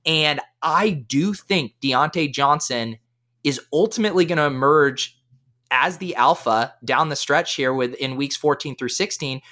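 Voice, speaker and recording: A young man with a bright, forceful voice breaks down fantasy football picks in a casual podcast chat. He talks with high energy and quick analysis, dotted with "like" and "uh." His tone stays keen and engaged. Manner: energetic, fast analytical talk with fillers.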